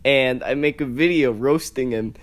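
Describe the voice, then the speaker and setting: A teenage boy co-hosting a casual podcast, telling stories in a relaxed way and laughing often. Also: mid-range voice, normal speed. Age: teens. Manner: relaxed storytelling, laughs a lot. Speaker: podcast co-host. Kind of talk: casual chat.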